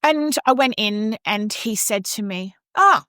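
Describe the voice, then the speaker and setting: A woman's voice: medium pitch, a little slow, smooth, no room sound, clean studio sound. An Australian opera singer co-hosting a podcast and telling candid stories in a casual chat, often restarting her sentences. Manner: candid, lively storyteller with frequent restarts.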